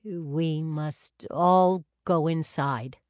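A woman narrator voicing a kindly, solicitous husband nearing seventy, speaking slowly and deliberately. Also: deep voice, a little mellow, dry recording, clean studio sound. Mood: calm.

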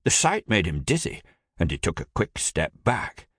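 A man narrating an audiobook in an expressive, steady storytelling manner. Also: low voice, moderate pace, no room sound, clean studio sound.

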